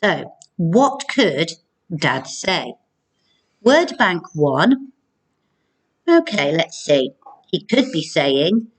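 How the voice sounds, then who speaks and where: A woman primary school teacher giving a recorded video lesson, speaking clearly and encouragingly to children. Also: on the low side, expressive. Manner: slow, clear, encouraging classroom delivery.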